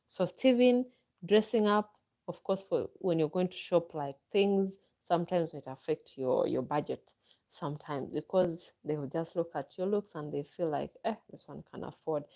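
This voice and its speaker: Low, mellow Ugandan woman vlogger. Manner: chatty, unhurried, advising. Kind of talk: live stream chat, answering viewer comments.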